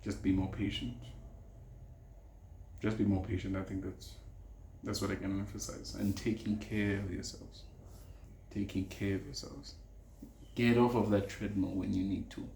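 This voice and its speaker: A man's voice: deep voice, level tone, moderate pace, gravelly, pauses often, dark tone, slight background noise. A young South African man hosting a casual solo podcast. He talks earnestly, repeats his key phrases and drops Zulu words into his English. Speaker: podcast host. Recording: echoey room with faint ambience.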